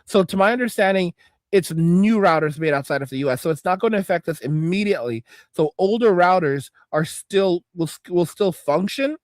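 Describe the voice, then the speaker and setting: A man hosting a casual livestream, reading chat comments and reacting, cursing and repeating himself, with frequent throat clearing. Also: sits high, expressive, a little fast, dry recording, studio quality.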